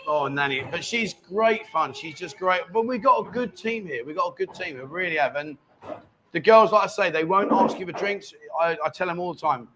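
Man, bar show host, high voice, joking banter, faint noise behind. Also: expressive, moderate pace, fairly bright tone. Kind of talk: casual live chat show. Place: bar lounge.

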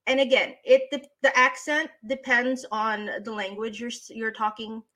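A woman from the Philippines talks about her teaching and voice work in a bright, forceful voice. She tells her stories expressively, like a practiced read-aloud teacher, speaking casually as an interview guest. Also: a little high, normal speed. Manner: animated storyteller, expressive. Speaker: guest, voice talent, former teacher.

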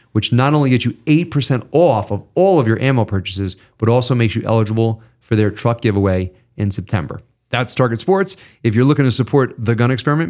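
Male podcast host, casual and profane, mid-range voice. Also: mid-range voice. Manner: ranting, profane, animated. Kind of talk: casual podcast chat and ad reads.

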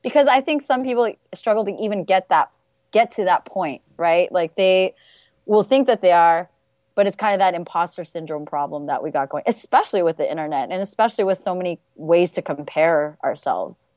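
Brief: woman host, lowish voice, effusive and chatty, dry close sound. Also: lively intonation, brisk, a little mellow, dry recording. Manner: gushing, chatty, heavy use of "like". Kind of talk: casual chat.

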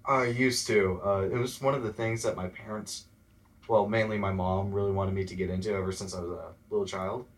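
Young Texan man, low voice, animated stories. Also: fairly quick. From Texas. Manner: animated storyteller, acts out quoted voices. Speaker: guest. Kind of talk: casual interview chat.

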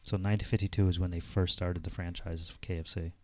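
A man's voice: low-pitched, little pitch movement, quick pace, a little mellow. A man co-hosting a casual podcast, easygoing and agreeable, reading out facts and chatting. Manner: laid-back, agreeable, reads facts aloud. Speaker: podcast co-host. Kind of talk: casual chat.

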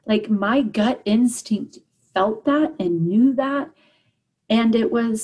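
A woman telling her personal story as an interview guest, earnest and halting, with many fillers and restarts. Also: fairly high pitch, darkish tone, slightly rough, low-quality recording. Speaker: guest, parent.

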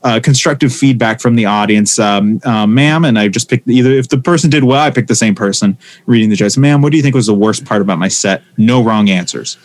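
A man, a stand-up comedian, talking casually and telling animated stories, acting out the voices of the people he quotes. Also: mid-range voice, fairly quick, few pauses. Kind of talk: casual conversation.

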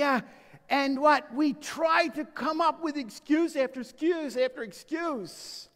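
A man's voice: very high-pitched, a bit bright. A man preaching a sermon as pastor, emphatic and full of rhetorical questions and personal stories. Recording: long church reverb.

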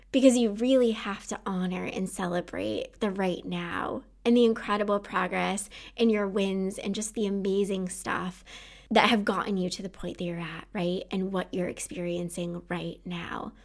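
A woman in her thirties speaks as a podcast host, earnest and encouraging. Her voice has a gravelly fry running through it at a middling pitch. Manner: earnest and encouraging, warm laughs. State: tearful at times. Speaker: podcast host and anxiety coach. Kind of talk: heartfelt solo podcast talk.

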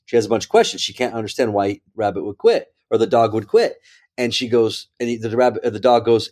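A man's voice: lowish voice, quick pace. A man, a speaker and professor, telling a story in a conversational interview, often checking in with the listener. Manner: animated, checks in with "right?" and "okay?".

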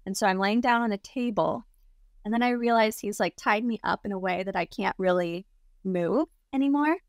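A woman's voice: mid-range voice, moderate pace, no echo, studio quality. A young adult woman, a guest on an interview show, telling a personal story casually and filling it with lots of "like". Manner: chatty, heavy use of "like" fillers.

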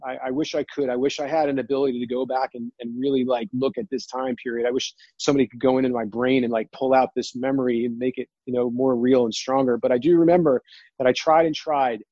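A man earnestly telling a personal story, near tears, halting and restarting often. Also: medium pitch, fairly even intonation, warm tone, no room sound, muffled recording. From New Jersey. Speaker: guest.

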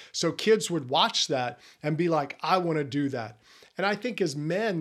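A middle-aged man giving an earnest faith-based talk to men, speaking to the listener in a personal way. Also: fairly high pitch.

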